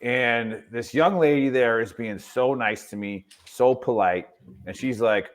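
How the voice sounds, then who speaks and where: A man's voice: medium pitch, a little slow. A male veteran on a casual podcast telling a story with emphasis, often adding "right?" to push his points. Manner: emphatic, rhetorical "right?" tags.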